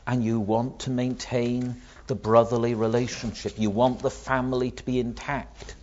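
A man preaching a sermon, acting out the voices he quotes with lively rises and drops in pitch. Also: normal speed, dull audio.

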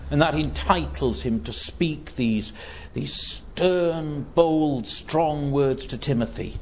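A man preaching a sermon in an earnest, emphatic voice that sits a little high. He builds intensity as he quotes scripture. The recording is dull and lo-fi. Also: unhurried, slight background noise. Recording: dull lo-fi sound.

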